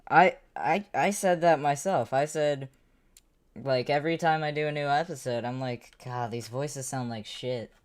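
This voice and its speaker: A woman's voice: a bass voice, normal speed. A woman streamer chatting casually on a livestream, rambling, swearing and talking to herself as she tinkers with gear. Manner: rambling, swears, talks to herself while working.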